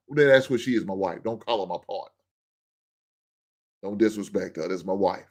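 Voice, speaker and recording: A man with a low voice rants bluntly as the host of his own show, joking between points. He talks in a loose, casual monologue. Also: a little fast, a little mellow. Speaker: podcast host.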